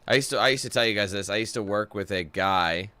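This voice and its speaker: A man's voice: on the low side, fast, sharp tone, smooth. A man giving casual let's-play commentary, rambling and swearing with jokey asides. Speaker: gaming commentator.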